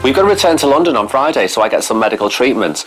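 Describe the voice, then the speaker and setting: A man's voice: medium pitch, very animated, racing, faint music behind. A man in a documentary, talking in a camp, sardonic and blunt way. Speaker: documentary subject. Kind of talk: candid documentary talk. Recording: noisy room ambience.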